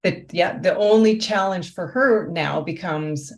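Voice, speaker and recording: A woman's voice: fairly low pitch, a little slow, few pauses. A woman life coach talking through her work in an interview, reflective, often posing rhetorical questions. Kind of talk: conversational interview.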